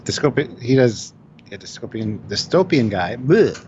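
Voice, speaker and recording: An easygoing man co-hosts a livestream chat, reading viewer comments in an ordinary middle-pitched voice. His audio is dull and lo-fi, with faint ambience behind. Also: normal speed, a little hiss or hum. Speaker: co-host reading viewer donations.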